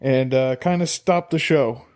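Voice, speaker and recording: A man's voice: medium pitch, unhurried, darkish tone. A man co-hosting a casual podcast over a remote call, laughing often and joking at his own expense. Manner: laughs a lot, self-deprecating. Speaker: podcast co-host.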